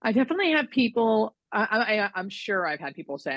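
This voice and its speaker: A woman's voice: on the low side, fast talker, creaky, fairly bright tone, dry recording, highs cut off. A woman who is a hospice nurse, telling stories in a chatty interview, full of likes and you-knows and acting out quotes. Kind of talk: casual interview storytelling.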